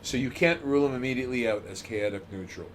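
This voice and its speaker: A man hosts a podcast in a drawling, mock-grandiose manner, spinning out teasing riffs. His voice sits at a middle pitch, with constant background noise behind it. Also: fast talker. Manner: mock-grandiose, drawling, addresses listeners as jerks. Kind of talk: casual podcast banter. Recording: noisy background.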